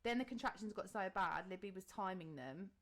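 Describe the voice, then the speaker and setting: A woman's voice: medium pitch, expressive, fairly quick, fairly bright tone. Chatty woman telling a story. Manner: storytelling, acts out her own reactions, swears casually. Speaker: podcast co-host. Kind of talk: casual chat.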